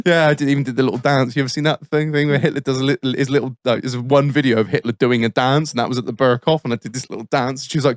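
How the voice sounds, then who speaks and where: A man's voice: medium pitch, fairly even intonation, rapid-fire, hardly any pauses. A man, hosting a podcast and telling a long, rambling story full of swearing. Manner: swears constantly, rambling anecdotes with frequent laughs. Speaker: podcast host.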